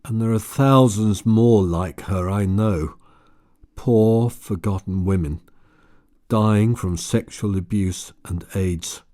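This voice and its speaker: A man reading the part of an anguished husband haunted by guilt, speaking low, desperate and bitter. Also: slow pace, mellow, no echo, studio quality.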